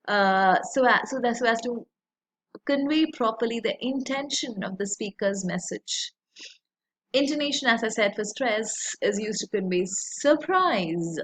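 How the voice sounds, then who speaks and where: A woman, teaching a lesson in a slow, deliberate way, with many fillers. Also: on the high side, a bit bright. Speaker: English teacher. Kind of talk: recorded lecture.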